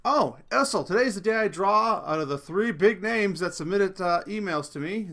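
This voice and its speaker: A man's voice: high voice, expressive, normal speed, a bit bright. A man hosting his own casual rant video from home, rambling and correcting himself as he tells crude, jokey stories. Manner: rambling, self-correcting storyteller, crude humor.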